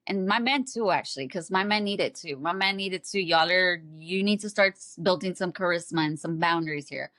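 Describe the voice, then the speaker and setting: A woman hosting a podcast, telling stories and giving blunt advice in a casual, animated and profane way, speaking straight to her listeners. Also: fairly low pitch, a little fast, hardly any pauses, dry recording, studio quality. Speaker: podcast host. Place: at home, wrapped in a blanket.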